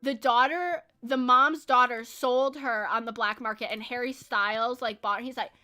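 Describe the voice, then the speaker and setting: A young woman with a bright, sharp voice, set a bit high, chatting to her stream while she plays. She is giggly and loose, padding her talk with fillers. Faint game music plays behind her. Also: steady tone, moderate pace, clean tone. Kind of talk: casual chat while gaming.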